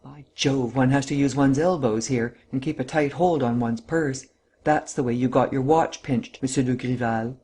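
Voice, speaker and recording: A man's voice: mid-range voice, normal speed, a little mellow, husky. A man voicing an impatient, grumbling police inspector in a storybook reading. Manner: muttering, grumbling.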